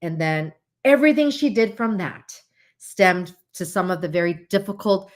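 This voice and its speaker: A woman with a lowish voice hosts a casual livestream talk, addressing her chat directly. She is animated and conversational, slipping into exaggerated voices and laughing through her asides. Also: normal speed. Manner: animated, acts out quoted voices with big pitch jumps. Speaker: host.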